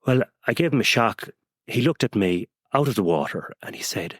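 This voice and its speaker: An Irish man telling stories as a podcast guest, halting and restarting with repeated words. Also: medium pitch, animated, no room sound, studio quality. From Ireland. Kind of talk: conversational storytelling.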